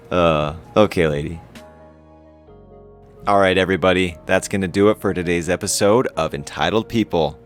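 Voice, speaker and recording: A man's voice: low voice, moderate pace, a bit bright, soft background music. A man hosting a story channel, reading online stories aloud with casual, wry commentary.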